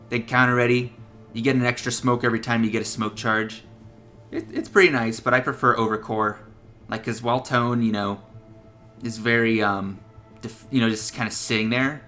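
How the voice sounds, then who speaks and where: A man's voice: mid-range voice, sharp tone. A young man giving casual, profane gameplay tips as a voice-over, laughing at his own jokes. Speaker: gaming video creator.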